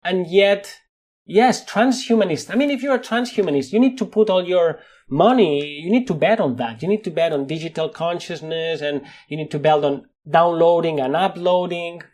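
A middle-aged man with a Spanish accent, speaking as a guest in a thoughtful interview, animated, often restarting his sentences and laughing at himself. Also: on the high side, normal speed. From Spain. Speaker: guest, neuroscientist.

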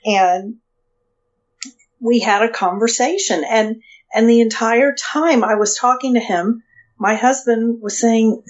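A woman speaks slowly and hesitantly, often restarting her sentences as she tells a personal story. Her pitch sits in the middle of the range. The sound is dull and lo-fi. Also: steady tone. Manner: hesitant, halting with restarts and fillers. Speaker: guest.

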